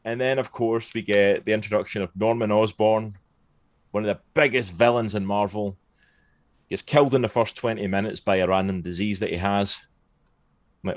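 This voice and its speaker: A man in casual podcast chat, ranting with animated sarcasm about films. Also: lowish voice, normal speed, no echo.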